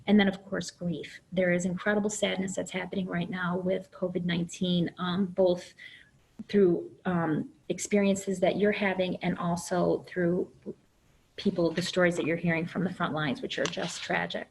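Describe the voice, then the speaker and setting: A woman's voice: on the low side, little pitch movement, normal speed, vocal fry, low-quality recording. A middle-aged woman giving a webinar presentation as an early childhood program director, speaking candidly and using herself as an example, with plenty of "um"s. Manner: candid, uses herself as example, many fillers.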